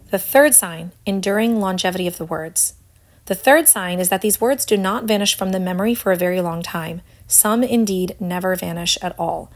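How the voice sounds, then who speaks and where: A woman hosting a faith talk, speaking earnestly and unhurriedly, with light laughs and long passages read aloud. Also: medium pitch. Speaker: Catholic faith teacher and host. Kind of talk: casual teaching talk with read quotes.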